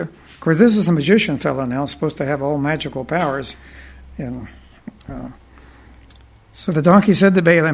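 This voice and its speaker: Higher-voiced preacher musing through a Bible story. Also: male voice, lively intonation, gravelly, husky. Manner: deliberate, with musing asides. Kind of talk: sermon retelling Bible stories.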